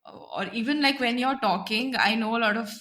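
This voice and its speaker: A woman's voice: a little high, a little fast, fairly bright tone. A woman with an Indian English accent, hosting a casual panel discussion and talking with frequent hesitations. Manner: hesitant, many restarts and fillers. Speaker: podcast host.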